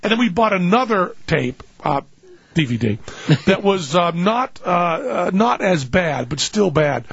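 Man, high-pitched, gravelly, husky, wry comic storyteller, dull lo-fi recording. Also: very animated, a little slow, a bit bright, dry recording. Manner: wry, exasperated storytelling with put-on voices. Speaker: podcast host. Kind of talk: comic podcast monologue.

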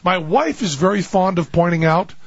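A man's voice: sits high, expressive, normal speed, vocal fry, breathy edge, no room sound, muffled recording. A man hosting a podcast, telling comic stories in a wry, exasperated way and slipping into put-on voices. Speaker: podcast host.

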